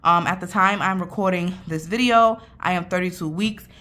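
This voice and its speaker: Young woman vlogging bout money, bit out of breath, casual and playful, kinda low voice. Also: normal speed, pushed and bright. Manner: chatty, playful, addresses viewers directly. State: a little out of breath. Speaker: budgeting channel host. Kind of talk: casual vlog talk.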